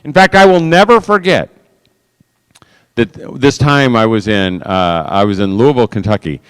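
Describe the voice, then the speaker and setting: Animated male speaker, smooth and resonant, acts out every voice in his stories. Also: mid-range voice, normal speed, big-room sound. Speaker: conference speaker. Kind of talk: storytelling talk to an audience.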